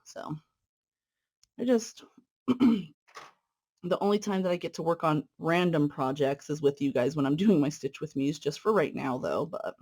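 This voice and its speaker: A woman's voice: low-pitched, a little slow, pauses often, darkish tone, breathy edge. Chatty woman hosting a stitch-along. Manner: chatty, friendly, with fillers and asides while stitching. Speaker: cross-stitch video host. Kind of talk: casual stitch-along chat.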